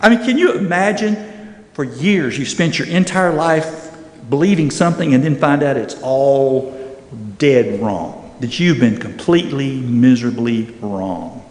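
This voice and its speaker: A middle-aged man teaching a church Bible class, animated and acting out the voices he quotes. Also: medium pitch, unhurried. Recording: echoey room with long reverb.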